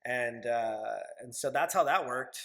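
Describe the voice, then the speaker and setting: A man's voice: mid-range voice, unhurried, fairly bright tone. A man in his twenties, a podcast guest, telling stories candidly in a casual interview, acting out his own past lines and swearing freely. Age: 20s.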